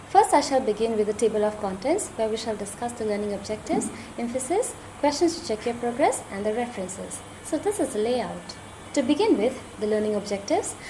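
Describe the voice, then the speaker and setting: Lively-voiced Indian woman giving a lecture. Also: a little high, slight background noise. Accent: Indian English. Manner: measured, explanatory teaching tone. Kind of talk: recorded educational lecture.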